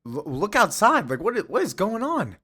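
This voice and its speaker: A man voicing a panicky young male sidekick, talking fast and high with stammers. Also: big pitch swings, fairly bright tone.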